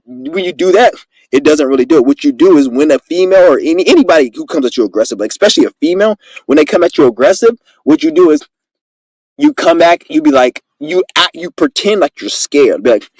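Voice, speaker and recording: A man talks fast and loose in a casual monologue, boastful and full of cursing. His voice sits a little high. The sound is dry, with no room echo. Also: sing-song, a little mellow. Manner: rambling, profane, boastful storytelling. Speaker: vlogger.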